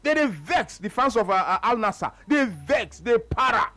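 A man's voice: normal speed, no echo, faint music behind. A man speaking Nigerian Pidgin English as co-host of a casual sports radio talk show, repeating phrases for emphasis as he argues his point. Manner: animated, repeats phrases for emphasis, swings between low mutters and high exclamations.

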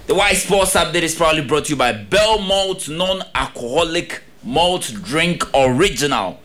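A man's voice: a little high, expressive, normal speed, few pauses, fairly bright tone, a little hiss or hum. A young Ghanaian man presenting a radio sports update, reading an ad with playful, upbeat salesman patter and plenty of repetition.

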